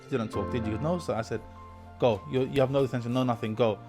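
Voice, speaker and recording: A man in his forties, a teacher hosting a podcast, tells animated anecdotes and acts out the people he quotes. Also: mid-range voice, fast talker, over music. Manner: animated anecdotes, quoting people with lively voice shifts. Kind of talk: casual storytelling in an interview.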